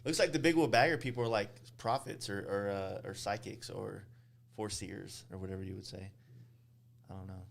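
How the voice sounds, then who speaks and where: A man hosting a podcast, chatting casually in a loud, laughing, profane way. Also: fairly low pitch, fairly even intonation, fairly quick, gravelly, slight background noise. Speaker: podcast host. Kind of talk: casual chat.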